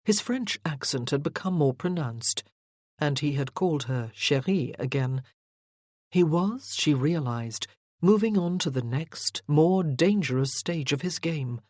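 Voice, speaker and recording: A measured audiobook narrator reading a historical romance at an unhurried pace. The voice sits in a middle register and sounds dry and close to the mic, with no room around it. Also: medium pitch, lively intonation, darkish tone, dry recording.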